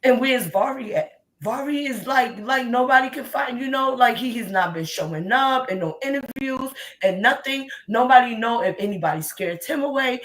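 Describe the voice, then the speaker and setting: A woman's voice: fairly high pitch, normal speed, few pauses, rough recording. A woman in her thirties calling in to a live stream, talking emphatically and rambling with many restarts. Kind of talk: impassioned call-in commentary. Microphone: remote call.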